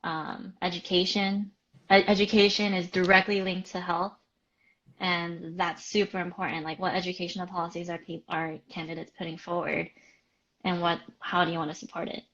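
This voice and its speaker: Casting: woman co-host, bright and clear tone, chatty with lots of fillers, dull lo-fi stream sound. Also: on the low side, level tone, normal speed. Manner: chatty, filler-heavy, answers viewer questions. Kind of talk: casual live-stream chat.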